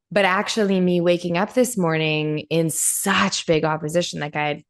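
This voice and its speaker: A woman podcast host talks in a loose, candid chat, pitched a little low for a woman. She rambles freely and fills her talk with "like.". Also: moderate pace, few pauses. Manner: candid, rambling, says "like" often. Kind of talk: casual chat.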